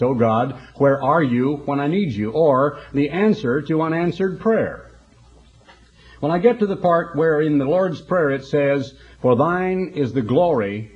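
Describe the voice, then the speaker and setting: A man's voice: medium pitch, a little mellow, lo-fi sound. Folksy storytelling male preacher. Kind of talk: broadcast sermon.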